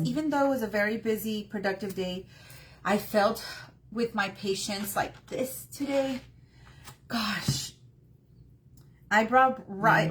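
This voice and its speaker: Bright-voiced chatty craft host. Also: female voice, mid-range voice. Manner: chatty, greets viewers by name. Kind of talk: live-streamed craft tutorial.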